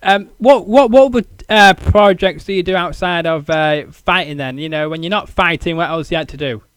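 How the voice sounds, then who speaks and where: Halting British man hosting a podcast. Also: fairly high pitch, a bit bright, clear, resonant tone, no room sound. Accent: British English. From United Kingdom. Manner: halting, repeats words, many fillers. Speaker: podcast host. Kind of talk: casual interview.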